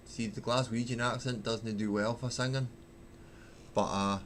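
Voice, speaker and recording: A man's voice: lowish voice, fairly even intonation, moderate pace, slight background noise. A man from Manchester chatting casually with his livestream viewers while painting miniatures, joking, swearing freely and laughing at himself. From Manchester, England.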